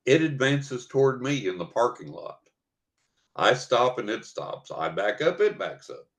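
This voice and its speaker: An older man from West Texas, a podcast guest telling a personal story in a lively way. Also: medium pitch, measured pace. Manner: animated storyteller who acts out what people said.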